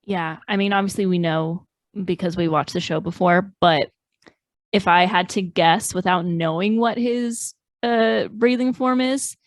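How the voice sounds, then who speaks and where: A woman's voice: on the low side, unhurried, dry recording. A woman co-hosting a podcast, talking with enthusiasm in a stop-and-start way. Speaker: podcast co-host. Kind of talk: casual chat.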